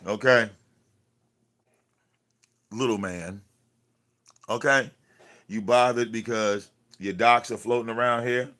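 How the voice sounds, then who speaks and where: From a cluttered room at home, a man hosting a livestream rants at someone, confrontational and profane, repeating himself. His mid-range voice is steady and fairly bright, and he speaks slowly with frequent pauses.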